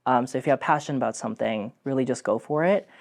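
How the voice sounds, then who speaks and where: A young man, an actor, telling his own story in a casual, animated way, acting out what people said, with many fillers. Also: mid-range voice, fast talker, creaky. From Philippines. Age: young adult.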